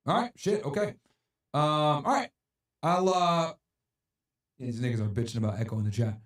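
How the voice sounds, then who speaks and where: A man's voice: a little high, expressive, moderate pace, dry recording, clean studio sound. A man hosting a livestream in casual talk, profane and ranting as he answers his chat. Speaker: streamer host.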